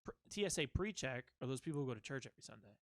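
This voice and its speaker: A man's voice: mid-range voice, very fast, no room sound. A man co-hosting a casual comedy podcast, telling profane stories and acting out the lines of people in them. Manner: animated, profane storytelling with acted-out quotes. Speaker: podcast co-host.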